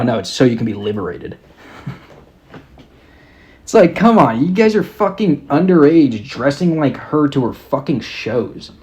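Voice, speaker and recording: A man's voice: fairly high pitch, darkish tone. Profane, ranting young male podcast host. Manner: profane, mocking, exasperated. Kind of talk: casual rant.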